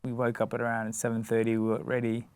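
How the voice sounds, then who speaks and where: A man's voice: medium pitch, monotone, smooth. A man, a boxer, talking casually in an interview, often restarting his sentences and filling them with "you know" and "like". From Australia. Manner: halting, many restarts and fillers. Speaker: guest, boxer.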